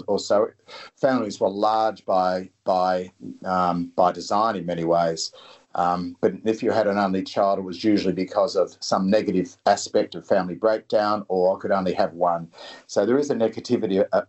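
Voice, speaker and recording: A middle-aged man, a guest author talking in a halting way and often repeating his words. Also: on the low side, darkish tone. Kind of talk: casual interview talk.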